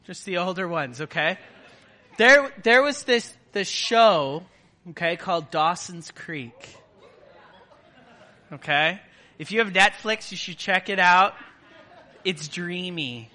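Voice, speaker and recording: A man with a high, strikingly bright voice delivers a sermon to a gathered congregation. He talks in a casual, conversational way and keeps checking in with his listeners. The tone stays sharp and forward throughout. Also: animated, slow pace, pauses often, a faint crowd. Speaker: preacher. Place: before a live congregation.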